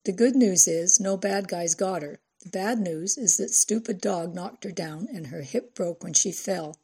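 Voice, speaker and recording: A gentle man speaks in short, halting phrases of broken English, as a woman narrator puts him on. The voice is low, dark and husky. It is an audiobook reading. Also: heavily acted. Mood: plain.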